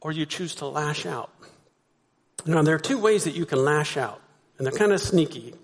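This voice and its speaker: A man's voice: a little high, animated, moderate pace. A man preaching a sermon as pastor, talking to the congregation conversationally and asking them rhetorical questions. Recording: long hall reverb.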